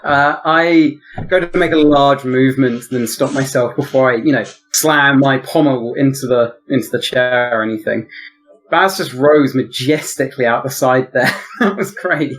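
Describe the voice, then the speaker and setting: A man's voice: mid-range voice, normal speed, low-quality recording. A man taking part as a player, thinking aloud and hesitating as he declares his actions. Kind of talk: casual tabletop play.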